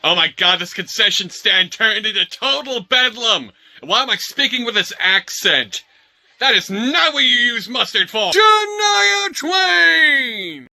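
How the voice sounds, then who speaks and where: A man playing a goofy male hot-dog vendor with a put-on accent, hawking and shouting in a comedy sketch. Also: high voice, moderate pace, pitched above the performer's own voice, heavily acted. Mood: rowdy.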